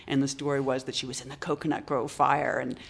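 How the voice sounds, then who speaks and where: An older poet from Boston, talking in a halting way with many restarts and strong emphasis. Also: medium pitch, level tone, gravelly, fairly bright tone. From Boston, United States. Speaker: poet, interview guest. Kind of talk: reflective conversation.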